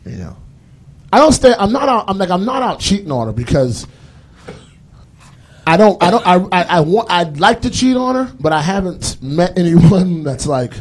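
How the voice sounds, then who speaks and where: Rambling young stand-up comic, husky. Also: male voice, on the high side, a little mellow. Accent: Boston. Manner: rambling, lots of fillers, puts on voices for bits. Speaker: stand-up comedian. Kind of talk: stand-up comedy set. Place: live comedy stage with audience.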